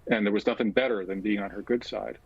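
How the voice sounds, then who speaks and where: A low, gravelly older man tells a long personal story, pausing often as he speaks. His voice sounds husky. The remote call audio is dull and lo-fi. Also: fairly even intonation, no room sound. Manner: slow, measured storytelling with frequent pauses. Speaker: guest, physician and author.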